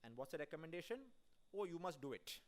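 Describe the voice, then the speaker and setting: Casting: man, fairly high voice, talking to a conference hall, chatty, quizzes the crowd. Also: expressive, quick pace. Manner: conversational, addresses the audience directly with questions. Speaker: keynote speaker at an audit conference. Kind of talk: conference keynote speech.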